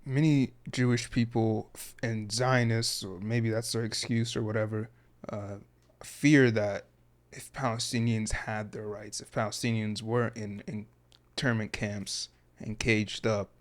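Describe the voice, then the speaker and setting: A man's voice: on the low side, steady tone. A man hosting a podcast, asking long interview questions that halt and restart. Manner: asks long, halting questions. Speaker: podcast host.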